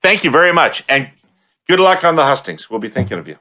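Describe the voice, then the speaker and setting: A man's voice: a little high, big pitch swings, fast, pushed and bright. A Canadian man hosting a political podcast, bantering bluntly with his guest and reading a sponsor message. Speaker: podcast host and interviewer. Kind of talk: interview hosting and sponsor read.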